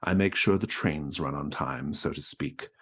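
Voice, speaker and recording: A curt, weary office manager with a low, dry delivery, as a man plays him. He talks brusquely and waves people off, his deep voice staying flat and businesslike. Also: moderate pace, husky, full character voice. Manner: brusque, dismissive.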